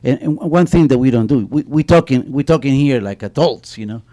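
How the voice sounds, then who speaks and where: A man's voice: mid-range voice, brisk, dark tone. A middle-aged man speaking on an author panel, telling stories animatedly with many restarts and a repeated "you know.". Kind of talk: panel talk with spoken storytelling.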